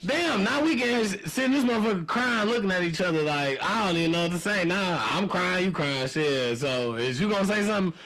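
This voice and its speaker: High-voiced man telling loose stories. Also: fairly quick, hardly any pauses, fairly bright tone, slight background noise. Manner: loose, rambling storytelling with slang and profanity. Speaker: podcast co-host. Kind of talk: casual chat.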